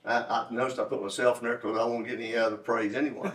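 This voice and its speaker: A man's voice: mid-range voice, a bit bright. Folksy man, candidate speech, emphatic repeats, heard from a distance in an echoey meeting room. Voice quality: folksy, rambling, with emphatic repetition. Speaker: candidate for state delegate. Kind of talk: campaign speech at a club meeting. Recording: roomy echo, distant mic.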